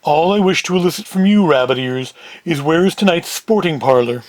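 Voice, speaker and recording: A man voicing a big, menacing male gangster from Chicago, who talks in a slow, terse and demanding way in a cold-read of a script. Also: fairly high pitch, expressive, no room sound, lightly acted.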